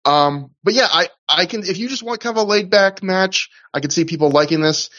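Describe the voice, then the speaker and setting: A man co-hosting a relaxed wrestling podcast, talking in a loose, rambling way full of restarts and fillers. His voice sits a bit high, and the recording sounds dull and lo-fi. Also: brisk. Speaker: podcast co-host. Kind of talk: casual podcast chat reviewing a wrestling show.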